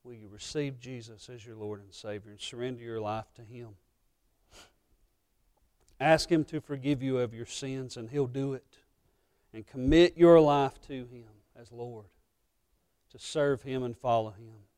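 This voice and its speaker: With a clean tone and a mid-range voice, a pastor preaches at a measured pace. The sermon is heartfelt and fervent, moving back and forth between loud moments and hushed ones.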